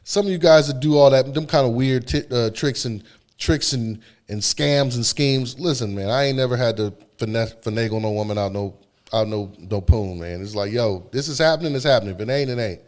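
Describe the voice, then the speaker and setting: A man's voice: mid-range voice, brisk, a little mellow. Slangy, profane male podcast co-host. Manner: loose, slangy, profane, laughs easily. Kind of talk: casual chat.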